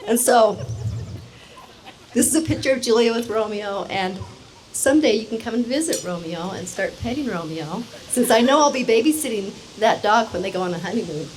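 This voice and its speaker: A woman's voice: on the high side, a little hiss or hum, poor audio. A woman giving a playful, chatty speech at a wedding reception while presenting gifts, talking into a handheld microphone. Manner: playful and chatty, laughing along.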